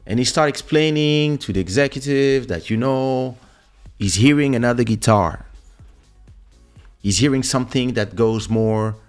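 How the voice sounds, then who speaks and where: A middle-aged man hosting a podcast, telling a story in a casual, animated way with laughs as he acts out quotes. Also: medium pitch, a little slow, clear, resonant tone, faint music behind. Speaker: podcast host.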